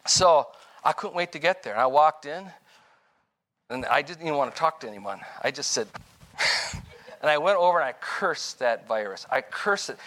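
A man's voice: fairly high pitch, animated, normal speed, sharp tone. An older man giving a rambling, informal testimony sermon, correcting himself as he goes and chuckling between points. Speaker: preacher.

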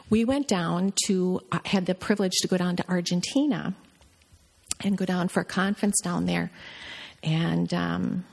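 A middle-aged woman telling a church a personal testimony, halting and full of restarts. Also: on the low side, gravelly, darkish tone. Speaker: church member sharing a testimony. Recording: long reverb of a church hall.

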